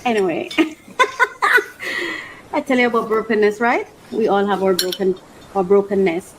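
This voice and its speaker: A woman's voice: medium pitch, steady tone, normal speed, long pauses, slight background noise, low-quality recording. A woman hosting a casual unboxing vlog, emotional and confiding as she talks. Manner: emotional, gushing, exclaims and laughs often; reflective, confiding. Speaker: vlog host.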